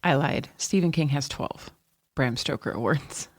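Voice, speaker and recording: A woman's voice: rumbling low, unhurried, no echo, studio quality. A woman co-hosting a horror book podcast, chatty, laughing often and correcting herself as she goes. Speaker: podcast co-host. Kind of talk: casual chat.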